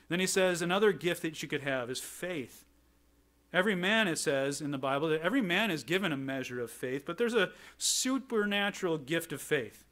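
Preaching in a slightly high, somewhat bright voice, this middle-aged man weaves stories into his sermon and takes on the voices of their characters.

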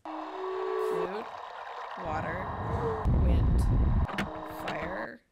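A woman who talks slowly with a gravelly edge, giggling and thinking aloud while she plays through a game. Her voice climbs and dips a lot. Loud background noise runs under the recording. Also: fairly low pitch, highs cut off. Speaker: player and co-host of a game playthrough. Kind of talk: casual gameplay banter.

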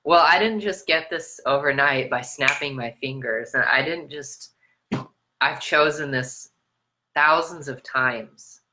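A woman's voice: slow pace, sharp tone, slight background noise. An American woman giving a motivational sermon on self-love, piling up rhetorical questions and swearing freely. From United States. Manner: preachy, repetitive rhetorical questions, swearing, big swings in pitch. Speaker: spiritual self-love coach.

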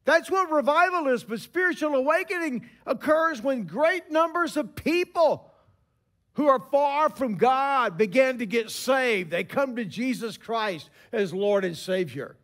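A man in his sixties preaching a sermon, telling stories with emphatic pauses. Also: very high voice, expressive, fairly bright tone.

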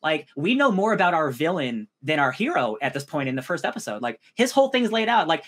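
Dude rattling off a show review on a podcast, super quick, lots of "like"s. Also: male voice, a little high. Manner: fast, animated, filler-heavy, drops into mock voices. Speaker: podcast co-host. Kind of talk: casual review chat.

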